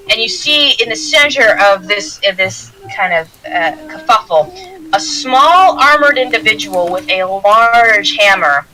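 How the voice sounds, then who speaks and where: A woman's voice: medium pitch, expressive, measured pace, sharp tone, poor audio. A woman narrating as game master in a tabletop game, rambling with restarts. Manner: rambling, many restarts and fillers.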